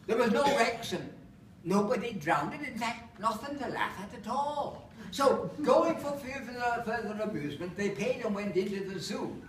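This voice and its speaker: A man with a Lancashire accent reciting a comic verse monologue in a steady rhythm. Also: high voice, slight background noise. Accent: put-on Lancashire. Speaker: storyteller. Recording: roomy, mic far off, faint ambience.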